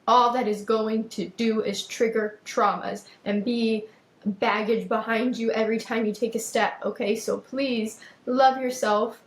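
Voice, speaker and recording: A woman's voice: a little high, steady tone, a little slow, echoey room, poor audio. A young adult woman hosting a podcast, talking emphatically about self-worth, repeating phrases and speaking straight to her listeners. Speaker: podcast host. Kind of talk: personal monologue on self-worth.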